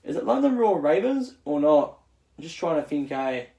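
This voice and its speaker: Halting man with fillers, echoey room. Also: on the high side, big pitch swings, gravelly, warm tone. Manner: halting, full of fillers and restarts. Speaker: channel host. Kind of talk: casual esports results recap.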